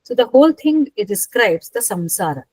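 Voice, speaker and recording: A woman retelling a scripture story as a talk, unhurried and asking her listeners rhetorical questions. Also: a little high, sing-song, darkish tone, breathy edge, no room sound, poor audio.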